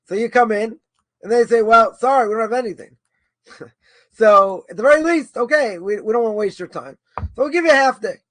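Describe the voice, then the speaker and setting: Male teacher, high voice, dry close sound, informal lecture that thinks aloud and keeps asking "right?". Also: expressive, brisk, fairly bright tone, no room sound. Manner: thinking aloud, argues both sides, many repetitions and "right?". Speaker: Torah course teacher. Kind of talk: informal lecture answering a question.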